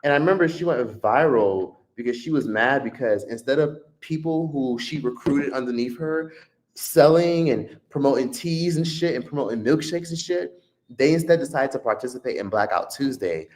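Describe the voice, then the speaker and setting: A man hosting a live stream, telling a profane, animated story in a casual rant. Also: medium pitch, moderate pace. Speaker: streamer host. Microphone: streaming mic.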